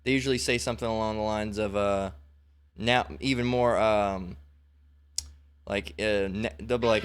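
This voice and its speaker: A man's voice: lowish voice, steady tone, moderate pace, pauses often, clean tone. A man talking in loose, rambling commentary who keeps checking in with "all right?" between thoughts. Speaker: religious commentator. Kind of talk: casual spoken commentary.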